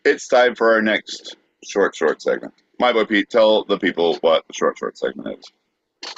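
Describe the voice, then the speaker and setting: A man co-hosting a comedy podcast, playfully quizzing his partner with halting fillers. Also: fairly low pitch, big pitch swings, creaky, fairly bright tone. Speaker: podcast co-host. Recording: dull dry lo-fi mic.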